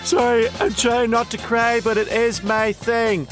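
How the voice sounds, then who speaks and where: A man's voice: very high-pitched, fairly even intonation, a little slow, music in the background, pitched above the performer's own voice. A man impersonating an overemotional TV chat-show host who keeps choking up while announcing the lineup. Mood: weepy. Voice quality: tearful, breaking into giggles.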